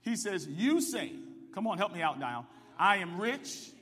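High, bright-voiced preacher man in a reverberant church. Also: very animated, measured pace. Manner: call-and-response preaching, rising to shouts. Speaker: pastor. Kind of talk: sermon. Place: church sanctuary. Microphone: microphone with ring.

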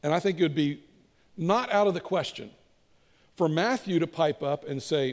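A man's voice: on the high side, animated, normal speed. A man preaching a sermon, talking in a casual, storytelling way and acting out quoted voices. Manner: conversational storytelling with acted quotes. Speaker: pastor. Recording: long hall reverb.

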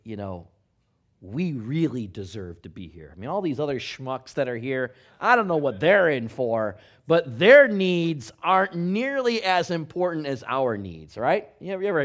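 A man's voice: mid-range voice, a bit bright. A middle-aged male pastor telling a self-mocking story in a conversational sermon, full of asides and rhetorical questions.

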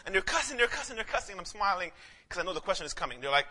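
A male pastor preaching a casual, animated sermon, swinging from shouts to hushed lines and calling listeners man. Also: high-pitched, quick pace. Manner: casual street talk, calls listeners man.

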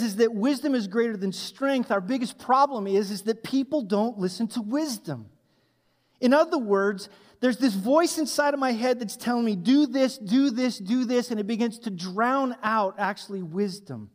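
A male pastor preaching a sermon with animated, emphatic delivery and asking the congregation to fill in blanks. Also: sits high. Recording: long hall reverb.

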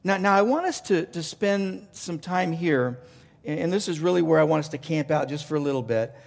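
A man's voice: on the high side, expressive, a little fast, creaky. Passionate male preacher in a reverberant hall. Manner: passionate preaching with rhetorical questions and frequent restarts. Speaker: pastor. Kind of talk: sermon. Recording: long reverb of a large hall.

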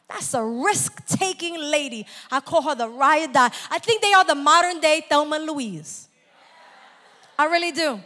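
A woman preacher giving a lively, conversational sermon and laughing often. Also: sits high, big-room sound.

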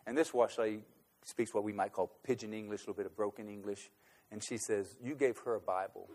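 A man telling a personal anecdote, shifting between loud, emphatic bursts and quiet, low asides. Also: level tone, fast. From United States. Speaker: speaker recounting a trip abroad.

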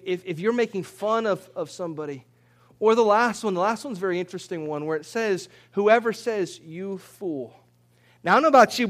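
High-voiced man preaching a sermon. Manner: conversational preaching, repeats words, rises in emphasis. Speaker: pastor.

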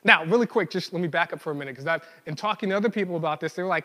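A man's voice: fairly high pitch, very fast, sharp tone, in a large hall. A man preaching a sermon in a conversational way, acting out quotes and stumbling over restarts and fillers.

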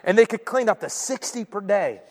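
A man's voice: high-pitched, lively intonation, brisk. A man preaching a sermon as pastor, talking to the room in a conversational way and often asking the congregation "right?". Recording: long hall reverb.

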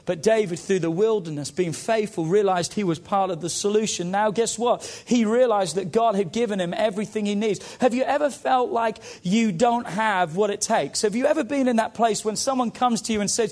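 High-voiced man preaching a sermon. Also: fairly quick, few pauses, a little mellow. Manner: impassioned, rising and falling preaching with call-outs. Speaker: pastor.

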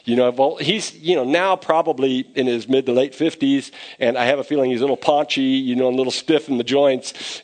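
A man preaching a sermon as pastor, conversational and growing animated as he retells scenes. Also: mid-range voice, fairly quick, few pauses.

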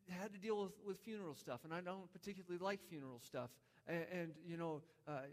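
A man in his thirties preaching a sermon, telling a story earnestly, with many restarts. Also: a little high. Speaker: pastor. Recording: long hall reverb.

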